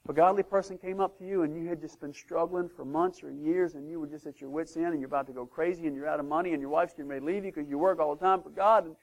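Male pastor, sermon delivery, voice a bit high, emphatic with sudden hushed asides. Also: fairly even intonation, rapid-fire, hardly any pauses. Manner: emphatic, swings between loud declarations and hushed asides.

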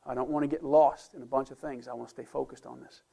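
A man's voice: mid-range voice, steady tone, fast talker, creaky, husky. A man preaching a sermon as pastor, emphatic, with conversational asides to the congregation. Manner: emphatic preaching, rising and falling loudness.

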